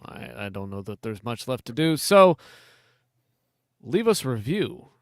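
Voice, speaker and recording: A man's voice: mid-range voice, big pitch swings, a little slow, no room sound, studio quality. A man co-hosting a hunting podcast, explaining cartridges in detail and reading the show's sign-off in a casual chat. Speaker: podcast co-host.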